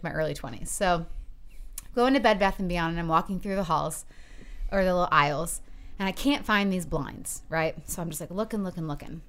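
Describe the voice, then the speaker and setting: A middle-aged woman telling an embarrassing story in a casual podcast chat, animated and giggly, acting out her own quotes. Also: lowish voice, clear, resonant tone. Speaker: podcast guest.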